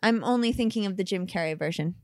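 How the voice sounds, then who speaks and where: A woman's voice: medium pitch, quick pace, darkish tone, dry recording. A woman co-hosting a podcast in casual chat, with wry, dry humor and some cursing. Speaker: podcast co-host.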